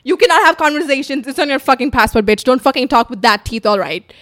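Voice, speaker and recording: A woman's voice: high-pitched, animated, fast, fairly bright tone, dry recording. Brash young woman, blunt and profane. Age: young adult. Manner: blunt, profane storytelling with frequent laughter. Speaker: podcast host. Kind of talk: casual podcast chat.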